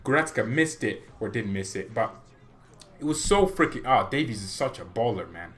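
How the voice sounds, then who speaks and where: A young man hosting a fan channel, giving a casual, opinionated match reaction that rambles with restarts and excited bursts. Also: medium pitch, normal speed. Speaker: football fan channel host.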